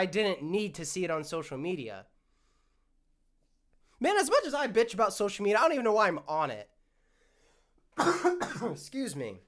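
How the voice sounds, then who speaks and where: A man's voice: a little high, fairly bright tone. Ranting man with a scratchy throat. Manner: worked-up, ranting, swears often. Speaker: podcast host. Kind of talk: solo ranting monologue.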